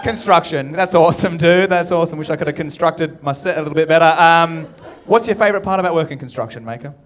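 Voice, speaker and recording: A man's voice: fairly high pitch, fast talker. A young Australian man doing stand-up at a comedy club, bantering cheekily and swearing as he works the crowd.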